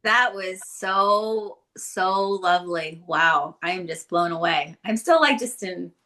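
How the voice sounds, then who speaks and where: A woman's voice: lowish voice, takes it slowly, pushed and bright. A woman co-hosting a casual podcast interview, effusive and full of "like.". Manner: effusive, lots of "like". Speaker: podcast co-host.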